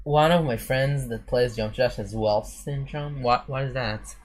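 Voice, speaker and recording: Here a man with a medium-pitched voice speaks at a measured pace as he builds a game level on a casual stream. He rambles along, replies to viewers in chat, and butchers bits of French.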